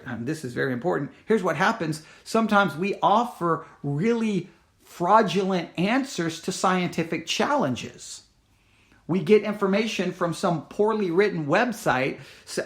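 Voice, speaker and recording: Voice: mid-range voice, fairly bright tone. A Christian commentator reads a news article aloud and comments on it in an emphatic, impassioned way, with frequent restarts and acted-out quotes.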